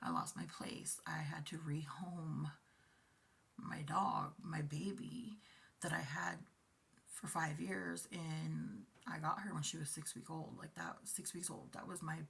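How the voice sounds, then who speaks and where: Low, gravelly woman in her forties. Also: steady tone. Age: 40s. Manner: soft, halting, often near a whisper. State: emotional, tearful at times. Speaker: vlogger. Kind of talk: personal confessional rant.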